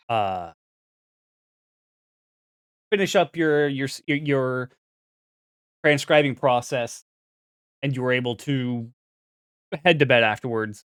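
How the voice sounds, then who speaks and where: A man's voice: mid-range voice, slow, pauses often, a bit bright, smooth, no room sound, clean studio sound. A young man narrating as game master, rambling with fillers and restarts.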